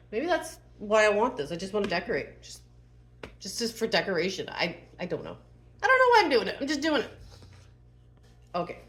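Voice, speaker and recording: A woman's voice: mid-range voice, a bit bright. A woman vlogger narrating casually to herself as she assembles furniture, chatty and self-deprecating.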